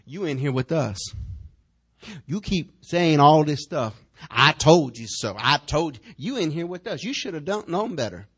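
A man preaching who acts out an exasperated male prisoner scolding a shipmate, in a mocking, drawn-out tone. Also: on the high side, sing-song, husky, voice pushed down, full character voice.

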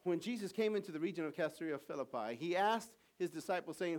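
A man preaching a sermon in a church, animated, asking the congregation for call and response. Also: on the high side, fast talker, few pauses.

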